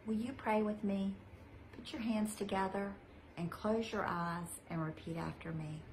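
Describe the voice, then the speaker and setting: Slow, gentle woman telling children a Bible story. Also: mid-range voice, fairly even intonation, slight background noise, low-quality recording. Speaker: children's minister. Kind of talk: children's message.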